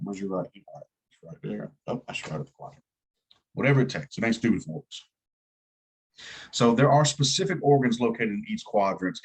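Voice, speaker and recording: A man's voice: on the low side, breathy edge, rough recording. A man with a slight Southern US twang teaching an EMT class in a casual, folksy way, asking his students to follow along. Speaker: EMT instructor.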